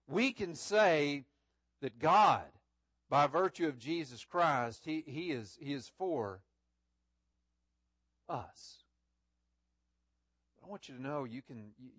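A man preaching a Sunday sermon in church, often repeating words and rising to loud, stressed phrases. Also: a little high, no room sound. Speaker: pastor. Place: church sanctuary.

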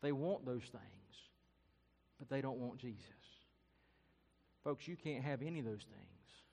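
A man's voice: mid-range voice, lively intonation, unhurried, gravelly, in a large hall. A man preaching a sermon and telling a story earnestly and dramatically. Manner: earnest, dramatic, varies loudness and pace. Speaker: pastor.

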